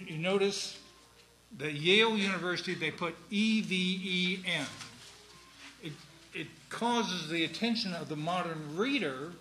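Slow, halting man lecturing in an echoey room. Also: high voice, sharp tone, a little hiss or hum. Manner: halting, deliberate, many ums and restarts. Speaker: lecturer on Shakespeare's verse. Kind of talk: classroom lecture.

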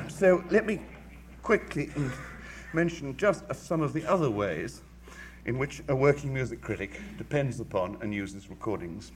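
A man, a music critic, giving a measured, articulate lecture with dry wit. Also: mid-range voice, a little hiss or hum. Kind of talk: formal lecture.

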